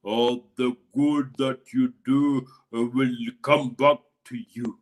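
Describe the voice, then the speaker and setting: A man doing a deep, grave hunchbacked stranger. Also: fairly even intonation, heavy background noise, lightly acted. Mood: solemn. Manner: slow, grave pronouncements. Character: mysterious hunchbacked old man, solemn.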